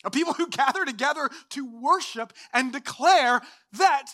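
High-voiced, bright young male preacher. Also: expressive, normal speed, few pauses. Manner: impassioned, swings from loud declarations to hushed near-whispers. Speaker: pastor. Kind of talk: sermon.

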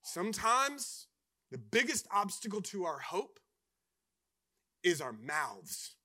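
A man preaching a sermon with passion, swinging between hushed, intimate lines and loud emphatic ones. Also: sits high, wildly swooping pitch, slow. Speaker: pastor.

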